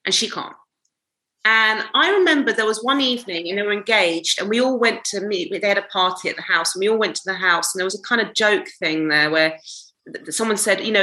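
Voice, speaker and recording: A woman's voice: mid-range voice, expressive, fairly quick, pushed and bright. A woman co-hosting a podcast, ranting bluntly and swearing in casual chat. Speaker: podcast co-host. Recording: roomy echo.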